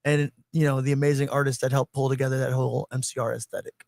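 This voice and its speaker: A man hosting a casual group podcast, energetic and joking as he plugs his guests. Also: medium pitch, quick pace, creaky, dry recording, clean studio sound. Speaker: podcast host.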